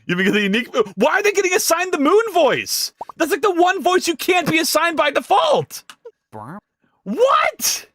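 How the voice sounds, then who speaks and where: Frantic high-voiced man streaming his coding. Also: sing-song, fairly quick, hardly any pauses, a bit bright. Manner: frantic and exclaiming, with profanity. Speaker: game developer streamer. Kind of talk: live coding stream chat.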